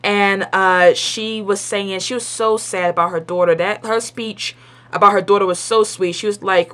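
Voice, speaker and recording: At normal speed, a young woman with a steady, medium-pitched voice that's bright and forceful gives a home-recorded episode review. She's blunt and opinionated, rambles, keeps restarting and saying "like", and uses casual, colloquial grammar.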